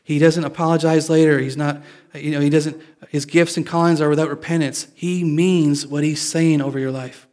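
A man's voice: on the high side, fairly even intonation, normal speed, few pauses, a little mellow. A male pastor giving a conversational sermon, often restarting his sentences and making light jokes. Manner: conversational, self-correcting, joking.

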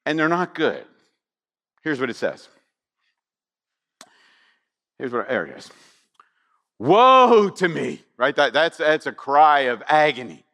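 A man preaching a sermon, animated and conversational, full of rhetorical questions to the congregation. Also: fairly high pitch, big-room sound. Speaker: pastor.

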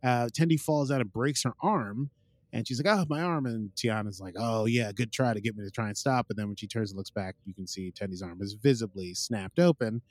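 A man's voice: lowish voice, fairly quick, dry recording. A man hosting a podcast, casually recapping an episode in a rambling way, full of uh and like, and quoting the characters as he goes. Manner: rambling, fills gaps with uh and like, quotes characters. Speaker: podcast host.

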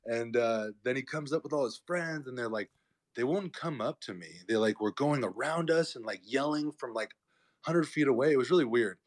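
A man chatting as a podcast guest and telling a story in a loose, casual way. He fills it with fillers and throws himself into the voices of the people he quotes. His pitch sits at an ordinary middle level for a man. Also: moderate pace. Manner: animated, acts out quoted voices, filler-heavy. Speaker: podcast guest, MMA fighter.

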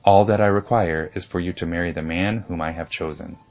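A man's voice: low voice, fairly even intonation, fairly quick. A man doing a stern old king. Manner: stern, loud and commanding.

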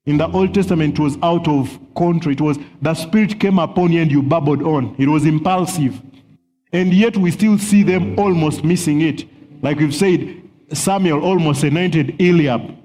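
Mellow-voiced preacher in a reverberant hall. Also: male voice, on the high side, moderate pace. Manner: earnest, chuckles often, repeats words when searching. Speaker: preacher teaching on prophecy. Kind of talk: sermon-style teaching talk. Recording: long hall reverb with faint music.

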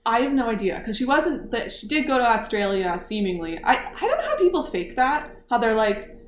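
A woman hosting a casual book club chat, retelling a mystery plot in animated detail and laughing often. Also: fairly high pitch, fairly quick. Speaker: book club podcast host. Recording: echoey room, faint noise.

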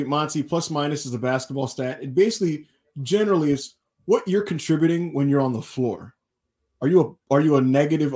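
A man co-hosting a wrestling podcast in casual chat, telling stories animatedly and doing quick voices for the people he quotes. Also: medium pitch, darkish tone. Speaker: podcast co-host.

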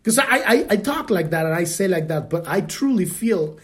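A man's voice: high-pitched, animated, normal speed. A man hosting a spiritual podcast, talking casually, swearing freely and often restarting his sentences. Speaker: podcast host. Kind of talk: spiritual talk.

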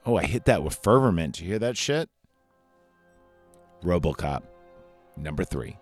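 Profane, excitable podcast host. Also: male voice, low voice, moderate pace, faint music behind. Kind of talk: casual movie ranking chat.

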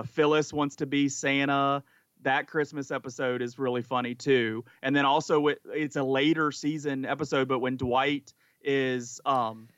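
A man's voice: medium pitch, fairly bright tone, clean tone, no echo, muffled recording. A man co-hosting a casual podcast chat, talking enthusiastically and rambling with frequent restarts. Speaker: podcast co-host.

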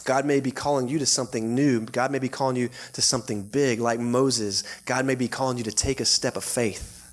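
Texan pastor guy preaching in church, chatty and relaxed, keeps laughing a little, mid pitch. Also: a little fast, few pauses. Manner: casual, conversational preaching with frequent laughs and fillers. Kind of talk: sermon. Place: church sanctuary.

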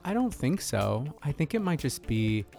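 A man's voice: mid-range voice, big pitch swings, normal speed, gravelly, darkish tone, soft background music. A man co-hosting a podcast in casual chat, playful with a dry humor. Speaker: podcast co-host.

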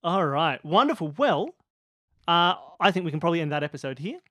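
High-voiced man co-hosting, playful. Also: big pitch swings, fairly bright tone, dry recording, clean studio sound. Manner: playful, quick to laugh and tease. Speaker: podcast co-host. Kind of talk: casual chat.

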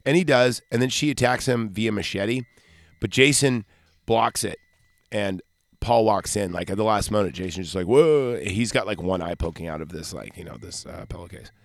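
A man's voice: on the low side, normal speed, vocal fry, no echo. A man hosting a podcast, recapping a horror movie in a rambling, joking way with lots of fillers. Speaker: podcast host.

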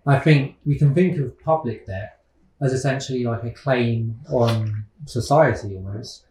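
A man speaks in a loose interview, circling his points with plenty of ums, you-knows and restarts. His voice has a middling pitch and rings a little in a roomy, echoey space. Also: measured pace, darkish tone, a little hiss or hum. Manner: hesitant, many fillers and restarts. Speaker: guest economist. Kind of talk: casual interview.

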